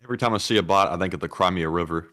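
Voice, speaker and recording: A man with a lowish voice, co-hosting a casual livestream. He reads donations in an easygoing way and slips in dry jokes. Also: rapid-fire, bright, forceful tone. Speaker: co-host and chat moderator.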